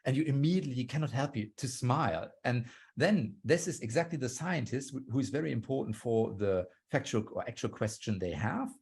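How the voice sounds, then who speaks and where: A man's voice: medium pitch, lively intonation, fairly quick, creaky, a little mellow, slightly rough. A man giving a talk on storytelling over a video call, explaining step by step and acting out quoted lines. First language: German. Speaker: guest speaker on storytelling.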